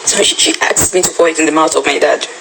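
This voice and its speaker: A woman giving an emotional personal account, speaking haltingly and repeating her words as she talks. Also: deep voice, steady tone, background noise. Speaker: daughter speaking out in a video.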